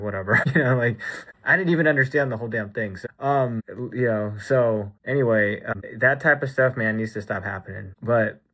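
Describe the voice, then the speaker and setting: A man's voice: on the low side, a bit bright. A man chatting casually in a recap vlog, rambling with lots of "like" and "you know". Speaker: vlogger.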